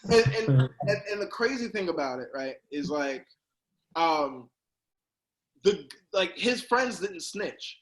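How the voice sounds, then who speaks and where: A man doing a stand-up comedy set over a video call, animated and bursting into loud character voices. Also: high voice, takes it slowly, poor audio.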